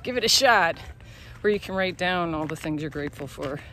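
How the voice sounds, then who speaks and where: A woman's voice: on the low side, lively intonation, fairly quick, bright, forceful tone, slight background noise. Candid, laughing woman vlogging outdoors. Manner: candid, laughing, swears freely. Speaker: tour guide. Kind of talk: casual vlog monologue. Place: outdoors on a hillside lookout.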